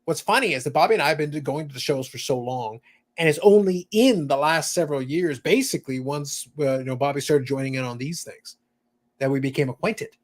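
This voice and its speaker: A man's voice: a little high, brisk. A man hosting a hobby podcast in casual chat, reading viewer comments aloud between thoughts. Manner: chatty, reads viewer comments aloud, many fillers. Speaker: podcast host.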